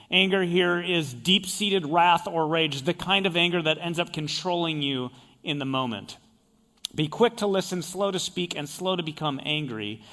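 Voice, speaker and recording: A man's voice: high-pitched, fairly bright tone. A male pastor giving a sermon, explaining word meanings with emphatic repetition.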